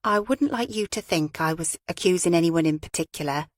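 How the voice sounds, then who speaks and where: A woman's voice: fairly low pitch, expressive, fairly quick, no echo, natural voice. A woman voicing an earnest, slightly anxious young woman witness with a slight Australian twang, hesitating as she talks.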